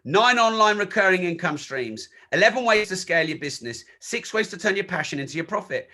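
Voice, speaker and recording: Energetic male seminar speaker, high and bright, casual and excitable. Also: fairly quick. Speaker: event speaker; social media coach. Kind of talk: live seminar talk.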